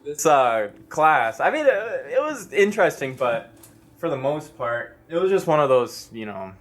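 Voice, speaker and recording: A man's voice: fairly high pitch, sing-song, normal speed. A young man in his twenties co-hosting a podcast in casual chat, laid-back, often laughing along and chiming in. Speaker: podcast co-host.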